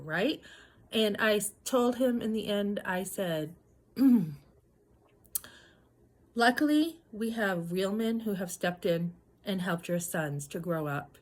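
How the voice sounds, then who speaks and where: Indignant woman in her fifties. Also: on the low side. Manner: emphatic and indignant, acting out her own past words; holding back tears. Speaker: vlogger. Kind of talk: emotional personal vlog.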